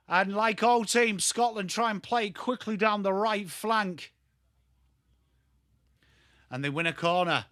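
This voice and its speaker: A man's voice: high-pitched, slow pace, long pauses, a bit bright, no echo, studio quality. A man with an English accent giving live, chatty and jokey football watchalong commentary, greeting viewers by name. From England. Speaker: watchalong streamer.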